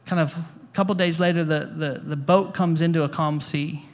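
In a church hall, a male pastor delivers a sermon in a fairly high, steady voice at a normal speed. His style is conversational, with repeated words and questions thrown out to the congregation.

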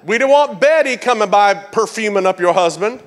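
A man preaching a sermon, animated, calling out to his congregation and repeating phrases for emphasis. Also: sits high, normal speed. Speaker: pastor.

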